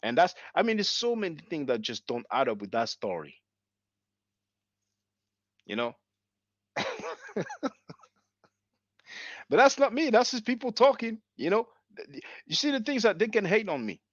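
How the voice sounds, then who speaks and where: A man's voice: sits high, sing-song, measured pace, long pauses, fairly bright tone, no echo, highs cut off. A man in his forties from France with a French accent, hosting his channel's live stream and firing off rhetorical questions to his audience. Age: 40s. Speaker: channel host.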